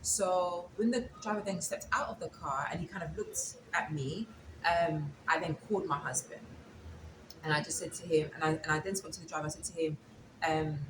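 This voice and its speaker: A woman as an interview guest, casually telling a story and acting out the dialogue. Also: lowish voice. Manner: retells events with quoted dialogue. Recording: echoey room with background noise.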